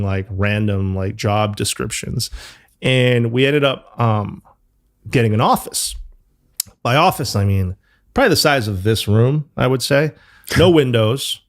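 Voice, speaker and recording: A man's voice: medium pitch, expressive, normal speed. Easygoing man rambling in an interview. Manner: loose and rambling, full of fillers and mild swearing. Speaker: company founder, guest. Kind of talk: casual interview talk.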